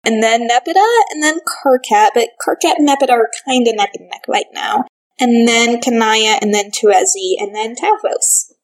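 A woman's voice: a little high, normal speed, rough recording. A woman co-hosting a casual podcast, chatting and bantering playfully with frequent laughs. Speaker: podcast co-host.

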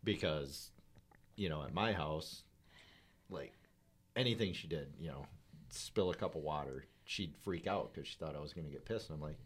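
A man's voice: extremely low pitch, moderate pace, slightly rough. A middle-aged father chatting on a podcast, telling an easygoing story and chuckling as he goes. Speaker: podcast guest. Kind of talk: casual chat.

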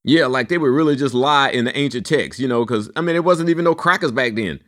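A man in his fifties delivering a loose, profane, rambling solo rant, his pitch swinging up and down as he goes. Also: quick pace, fairly bright tone. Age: 50s. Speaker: vlogger.

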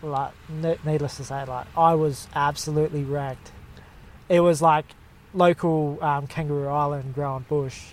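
A young Australian man, originally from the west, spins a rambling anecdote in casual chat. His voice sits a little high, and he strings it along with slang, 'mate' and plenty of fillers. It sounds like a chat in a car. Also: fairly even intonation, normal speed, a little hiss or hum. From Western Australia. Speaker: storyteller.

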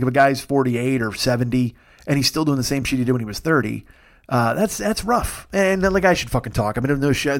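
A man in his forties, a comedian hosting a solo podcast, telling rambling, profane, self-deprecating stories in a pleasant, resonant voice. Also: mid-range voice.

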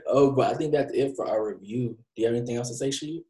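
A man's voice: mid-range voice, quick pace, dark tone. A man casually reviewing anime with a co-host, using slang and acting out his own reactions. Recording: echoey room.

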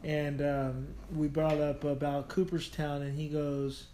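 A man with a fairly high voice co-hosts a casual podcast. He talks in an excitable rush, full of fillers like "like" and "uh", as he tells stories. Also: measured pace, a little hiss or hum. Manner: excitable, storytelling with many fillers. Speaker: podcast co-host. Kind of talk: casual chat.

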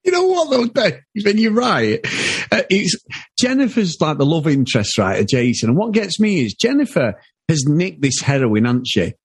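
A British podcast co-host in his thirties talks through a film in an excited, sweary ramble. His voice is a bit husky and swoops up and down a lot. The sound is dry and close. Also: a little high, normal speed, no room sound. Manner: animated, sweary, laughs often. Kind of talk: casual film review chat.

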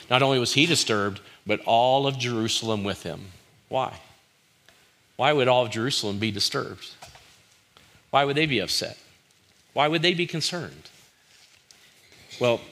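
A man's voice: lowish voice, pushed and bright. A middle-aged male pastor preaching a conversational sermon, firing rhetorical questions at the congregation and acting out quoted lines.

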